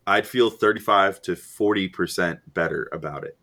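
A man's voice: low-pitched, normal speed, bright, forceful tone. A young man co-hosting a casual sports podcast, rambling and laughing as he reads listener questions. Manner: loose, laughing, rambling with many fillers. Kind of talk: casual chat.

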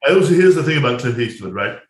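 A man's voice: mid-range voice, expressive, rapid-fire, echoey room. A man, a film director, telling stories from his shoots in a rambling casual way, full of restarts and asides. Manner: rambling, many restarts and asides, laughs at own jokes.

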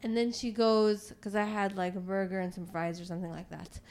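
A young woman telling stories in a casual chat, animated and laughing easily. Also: medium pitch, brisk.

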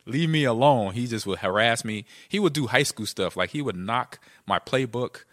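A man's voice: moderate pace, no room sound, studio quality. A middle-aged man, a podcast co-host and former football player, telling stories casually and acting out the quotes. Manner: animated, acts out quotes with jumps in pitch. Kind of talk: casual storytelling chat.

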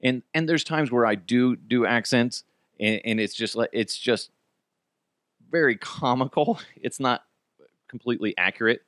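A man's voice: medium pitch, a little slow, fairly bright tone, no echo, clean studio sound. A man in his thirties hosting a podcast, telling a story in a rambling, self-deprecating way and swearing freely. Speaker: podcast host. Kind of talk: casual storytelling monologue.

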